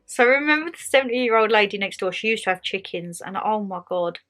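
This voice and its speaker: With a medium-pitched, fairly quick voice, this woman hosts a casual chat video full of animated ranting. She acts out people's quotes as she tells stories and laughs a lot, over faint background music.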